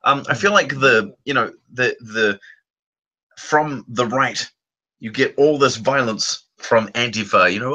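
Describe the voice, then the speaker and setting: Very bright-voiced man rambling fast. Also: mid-range voice, low-quality recording. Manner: rambling, restarts sentences, laughs while talking. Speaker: channel host. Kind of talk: casual chat.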